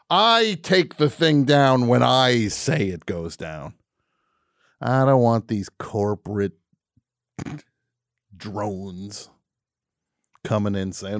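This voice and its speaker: A man's voice: medium pitch, sing-song, takes it slowly, long pauses, no room sound. A man hosting a live radio show from a studio, joking and sarcastic, with rambling asides. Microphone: studio mic, on camera.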